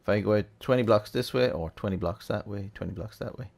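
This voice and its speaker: Gravelly man explaining a game. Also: fairly low pitch, fast. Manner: relaxed, chatty, thinking aloud with fillers. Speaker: game tutorial host. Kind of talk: casual gameplay tutorial.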